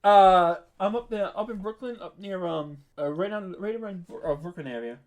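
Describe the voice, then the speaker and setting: A man with a New York accent, a podcast creator chatting casually as an interview guest, halting with ums and restarts. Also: sits high, darkish tone. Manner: hesitant, many ums and restarts, laughs easily.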